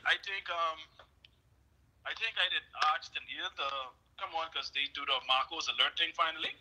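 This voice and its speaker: A man's voice: fairly high pitch, fairly even intonation, moderate pace, bright, forceful tone, breathy edge, poor audio. A young Bahamian man co-hosting a show, chatting casually in a laid-back, joshing way. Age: young adult. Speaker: radio co-host. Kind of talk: casual chat.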